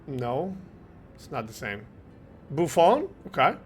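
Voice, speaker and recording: A man from Croatia chatting casually while streaming a game, animated and joking, swearing and laughing often. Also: on the high side, takes it slowly, slight background noise. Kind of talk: casual gameplay chat with chat replies.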